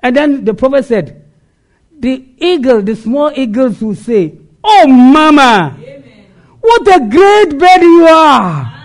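A man preaching a sermon, asking rhetorical questions and answering them, sometimes shouting. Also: very high-pitched, very animated, takes it slowly.

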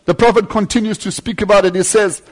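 A man preaching a sermon with fervent delivery, swinging between loud climbs and quieter asides. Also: high-pitched, fairly even intonation, quick pace.

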